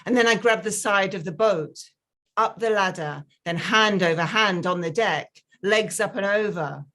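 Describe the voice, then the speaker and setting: A woman reading her own flash fiction aloud, slow and measured. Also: medium pitch, a bit bright. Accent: non-local accent.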